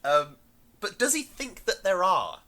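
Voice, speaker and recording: A man's voice: high voice, big pitch swings, a little slow, pushed and bright. A man co-hosting a podcast, chatting casually about a film in a rambling, hesitant way with many fillers. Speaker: podcast co-host.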